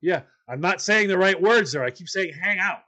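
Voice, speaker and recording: A high-pitched man at a moderate pace co-hosts a relaxed podcast, spinning a comic tale. He's animated throughout, voicing the other people in the story as he quotes them.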